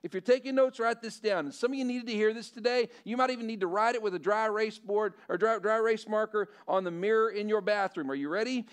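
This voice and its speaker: A man's voice: high voice, fast, hardly any pauses, smooth. A middle-aged male pastor preaching a sermon in a conversational way, often asking the congregation questions.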